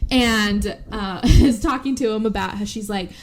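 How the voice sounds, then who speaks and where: A woman podcast host giving a casual movie recap, talking fast and chatty with lots of "like" and "right?". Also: medium pitch.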